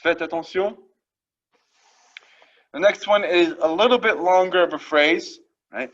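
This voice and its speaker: A man's voice: sits high, unhurried, fairly bright tone. A male French teacher giving classroom instruction, repeating phrases for students to drill and often checking in with "right?". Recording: dull lo-fi classroom recording.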